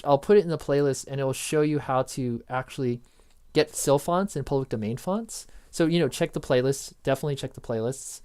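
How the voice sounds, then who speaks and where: A man's voice: on the high side, a little mellow, clean tone. Rambling, jokey man teaching code. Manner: rambling, self-interrupting, jokey asides. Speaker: programming tutorial host. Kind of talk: casual screen-recorded coding lesson.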